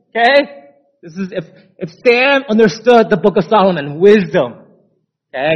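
A male preacher giving a conversational sermon, repeating key phrases and checking in with the congregation, on a dull lo-fi recording. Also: on the high side.

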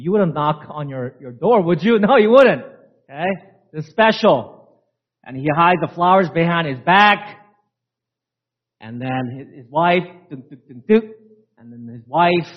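A male preacher giving a conversational sermon, repeating key phrases and checking in with the congregation, on a dull lo-fi recording. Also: fairly high pitch.

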